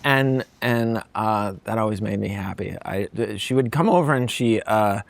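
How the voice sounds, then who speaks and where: Halting, low-voiced comedian from Massachusetts. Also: male voice, creaky, no room sound. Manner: halting, restarts phrases, chuckles. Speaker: guest comedian. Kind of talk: casual conversation.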